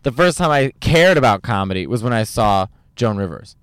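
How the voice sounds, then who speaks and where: A man's voice: mid-range voice, smooth, dry recording, clean studio sound. A man who is a stand-up comedian, chatting animatedly on a podcast with lots of restarts. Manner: animated, rapid, full of restarts and impressions. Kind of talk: casual podcast chat.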